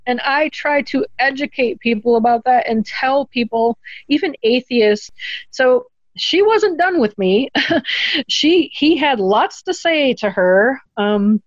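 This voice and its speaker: A woman's voice: high-pitched, lively intonation, takes it slowly, dry recording, dull audio. Earnest woman telling a personal story. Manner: earnest, tearful at moments, quoting others in a lifted voice.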